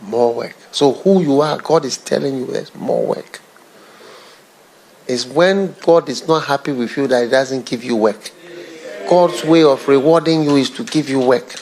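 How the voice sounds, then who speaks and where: A man preaching a sermon as a bishop, dropping to low murmurs and whispers and then rising into excited, lively preaching. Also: unhurried.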